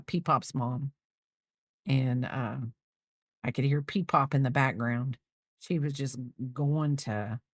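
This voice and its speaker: A woman's voice: rumbling low, dry recording, clean studio sound. A middle-aged woman hosting a crochet channel, chatting casually with viewers and rambling off mid-sentence. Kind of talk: casual chat while crocheting, replying to viewers.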